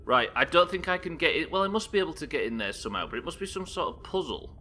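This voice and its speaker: A man's voice: fairly high pitch, big pitch swings, fast talker, pushed and bright. A young man from the UK streaming a game live, rambling, self-deprecating and swearing casually as he reads his viewers' messages aloud. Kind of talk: live gameplay commentary chatting with viewers.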